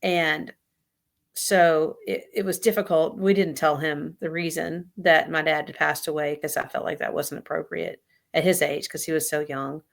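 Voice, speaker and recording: A woman guest giving an emotional personal account in an interview, speaking haltingly with many pauses and fillers. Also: sits low, fairly even intonation, vocal fry. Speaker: guest sharing lived experience of suicide loss.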